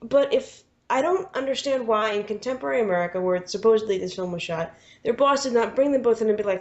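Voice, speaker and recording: Female podcast co-host, higher voice, wry and opinionated, lo-fi sound. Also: quick pace, few pauses. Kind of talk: casual podcast chat. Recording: lo-fi audio.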